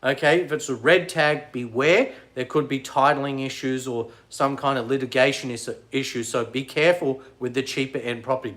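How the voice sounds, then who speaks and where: A man chatting casually on a livestream, rambling and excitable, answering commenters as he goes. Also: medium pitch. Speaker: vlogger.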